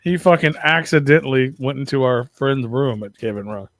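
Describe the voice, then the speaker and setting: A man's voice: mid-range voice, fairly quick, dry recording. Dry-sounding laid-back male host. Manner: laid-back, profane, enthusiastic. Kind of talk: casual chat.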